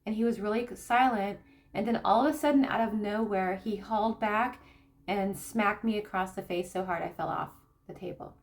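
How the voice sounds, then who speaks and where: A woman spiritual coach speaking candidly to camera in a personal teaching talk, halting and repeating phrases as she reflects. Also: mid-range voice. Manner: soft, grounding, reflective. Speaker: spiritual coach and tarot reader.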